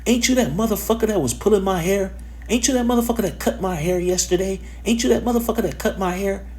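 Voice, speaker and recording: A man putting on an angry, shrill accusing woman. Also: quick pace, lightly acted. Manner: shouting accusations, high-pitched. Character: angry woman confronting a stranger.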